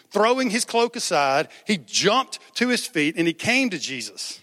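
A man's voice: sits high, animated, moderate pace, few pauses, bright, forceful tone, long reverb tail. A man preaching a sermon as pastor, conversational, raising his voice for quoted cries.

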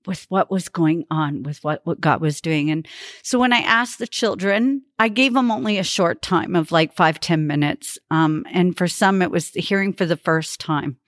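A woman's voice: mid-range voice, dry recording, studio quality. A woman telling a personal faith story as a podcast guest, earnest and emotional.

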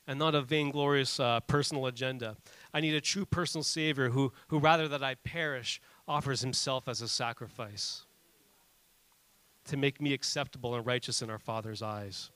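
A man in his thirties preaching a sermon, earnest and animated, telling family stories between points with frequent restarts. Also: medium pitch, normal speed, clear, resonant tone, no room sound. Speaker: pastor.

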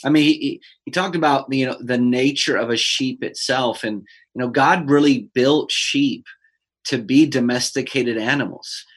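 A man, a pastor who preaches on Sundays, talking earnestly and personally about a psalm in a relaxed discussion. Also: mid-range voice, normal speed, husky. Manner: earnest, personal, with fillers and restarts. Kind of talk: conversational Bible discussion.

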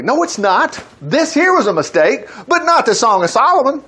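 Animated man teaching the Bible. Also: very high voice, moderate pace, few pauses, husky. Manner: chatty, exclaiming asides, voice jumping up and down. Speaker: preacher.

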